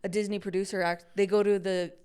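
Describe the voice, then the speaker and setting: A woman co-hosting a podcast, answering trivia and telling stories in an excitable, bubbly way, often gasping. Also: mid-range voice, fast, smooth. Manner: bubbly, gasps, excitable storytelling. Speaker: podcast co-host. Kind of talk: casual chat, answering trivia.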